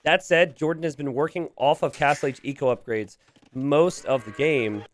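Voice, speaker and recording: A man's voice: on the high side, slight background noise. A man casting a strategy game, joking with his co-caster and laughing often. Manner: animated, joking, quick to laugh. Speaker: esports caster. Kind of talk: live game commentary with banter.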